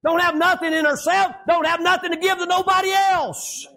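Preacher man, very high voice, fiery sermon delivery with amens. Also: fairly even intonation, moderate pace. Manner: preaching with frequent amens, shouting out lines then dropping low.

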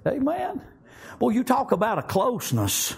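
A man's voice: very high-pitched, huge pitch swings, normal speed, gravelly. A man preaching a sermon, fervent and full of repeated amens and praise Gods. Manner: fervent, repeats amen and praise God often.

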